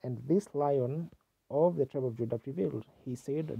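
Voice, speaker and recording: A man delivers a fervent sermon, his voice gravelly and a little husky. The sound is dull and lo-fi, like an old archival tape, and close and dry with no room around it. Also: mid-range voice, moderate pace, no room sound. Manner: fervent preaching with exclamations. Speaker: preacher.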